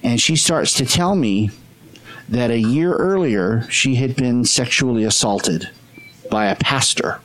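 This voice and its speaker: A man's voice: medium pitch, a little slow, a bit bright, low-quality recording. Earnest man telling a story. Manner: earnest, acts out quoted voices. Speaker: street portrait photographer, guest. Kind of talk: conversational storytelling.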